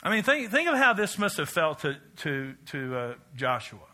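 A man's voice: on the high side, big pitch swings, normal speed, bright, forceful tone. A man preaching a rousing, rhythmic sermon, leading the congregation in chants and slipping in joking asides. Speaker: pastor.

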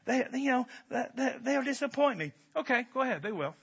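A man preaching a sermon as a pastor, animated and joking in a conversational way. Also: very high-pitched, fairly quick, vocal fry, husky. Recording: dull lo-fi recording.

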